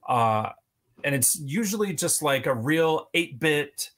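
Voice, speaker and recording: A man's voice: a little high, lively intonation, slow, fairly bright tone. Rambling man with many fillers. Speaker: podcast guest, toy video creator. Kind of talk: casual interview chat.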